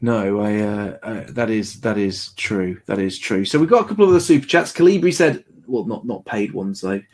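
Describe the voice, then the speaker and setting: A man's voice: on the low side, lively intonation, normal speed, a little mellow. A man from England hosting a stream, chatting casually in a teasing, sardonic way. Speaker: stream host. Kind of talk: casual chat.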